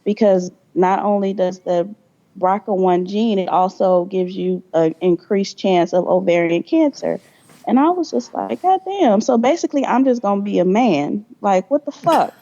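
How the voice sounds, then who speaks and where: A woman's voice: mid-range voice, normal speed, mellow, highs cut off. A young adult woman, a podcast guest, telling her story candidly with blunt profanity and acted-out quoted dialogue.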